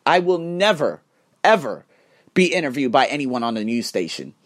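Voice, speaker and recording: A man hosting his own vlog and podcast, ranting casually, blunt and animated, swearing freely. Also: medium pitch, moderate pace. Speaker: YouTuber and podcast host.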